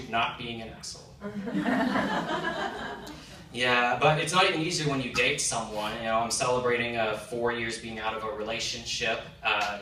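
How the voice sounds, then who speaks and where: A male stand-up comedian performing a self-deprecating set with animated punchlines on a comedy club stage. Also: mid-range voice, distant mic. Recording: echoey club recorded from afar, noisy. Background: audience laughter.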